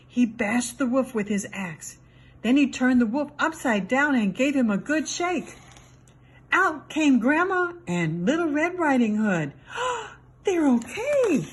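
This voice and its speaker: Woman reader, kids' storybook, husky, very lively pitch. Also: measured pace. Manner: expressive, animated reading for children. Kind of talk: storybook read-aloud.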